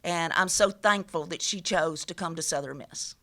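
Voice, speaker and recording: A woman's voice: on the low side, moderate pace, sharp tone. A woman head coach speaking at a press conference, emphatic and passionate, repeating her key points.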